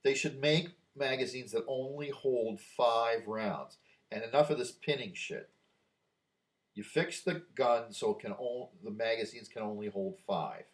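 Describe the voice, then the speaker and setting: A man's voice: medium pitch, a little slow. An older man vlogging a rambling opinion monologue, drifting off on asides and growing emphatic when he argues a point. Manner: easily distracted, wandering asides.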